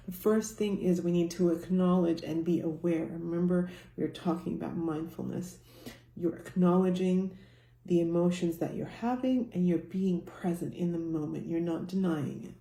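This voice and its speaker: A woman with a low, gravelly, mellow voice guides a tapping exercise step by step. She speaks calmly and instructively, now and then dropping softer to voice the listener's self-talk. The recording sounds echoey, as if in a bare room. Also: unhurried. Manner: calm, instructive, softly voicing example self-talk. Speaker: personal success coach.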